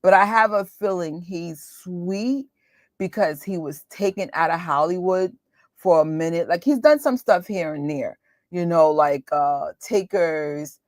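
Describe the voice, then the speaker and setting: A woman in her forties, hosting a movie watch party, talking in a chatty, animated and exclamatory way. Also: fairly low pitch, unhurried, dry recording, clean studio sound. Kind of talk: casual chat.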